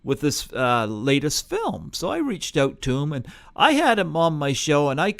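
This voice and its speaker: A man's voice: fairly high pitch, wildly swooping pitch, normal speed, creaky, fairly bright tone, no room sound, clean studio sound. A man hosting an interview show who talks casually and hesitantly, with frequent "uh"s and restarts. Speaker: podcast host.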